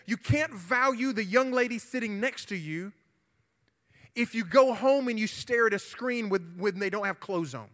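A man, preaching a youth sermon and telling a story with energetic, shouted bursts. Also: sits high. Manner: animated, shouting during the retold confrontation. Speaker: youth pastor. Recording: hall reverb.

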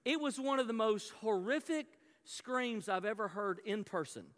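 High-voiced pastor in a reverberant hall. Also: male voice, expressive, moderate pace, a bit bright. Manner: storytelling, repeats words, addresses the crowd with questions. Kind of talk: sermon. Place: church hall.

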